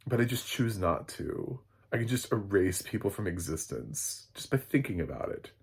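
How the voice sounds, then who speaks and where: A man's voice: on the low side, very animated, normal speed, creaky, breathy edge, heavily acted. A man briefly mimicking a smug, boastful all-powerful male villain in a dismissive, bragging tone.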